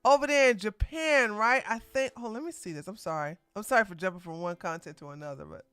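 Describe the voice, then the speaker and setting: A woman's voice: mid-range voice, fast talker, a bit bright, smooth, dry recording, faint music behind. A woman commenting casually on a live stream, rambling and correcting herself as she goes. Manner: rambling, self-correcting, chatty.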